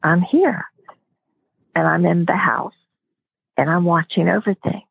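A woman quoting her late mother, who speaks calmly and reassuringly, on a phone-like recording. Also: on the low side, a little slow, creaky, husky, no room sound, exaggerated voice. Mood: calm reassurance. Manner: calm, soothing. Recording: phone-like dry audio.

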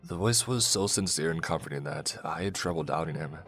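A man narrating a first-person horror story in a measured, storytelling way. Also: rumbling low, fairly bright tone. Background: faint music.

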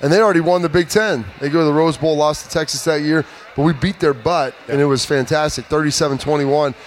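A man in his thirties, a former player, telling stories in an animated, emphatic way during a casual sports chat. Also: fairly high pitch, fast, slight background noise.

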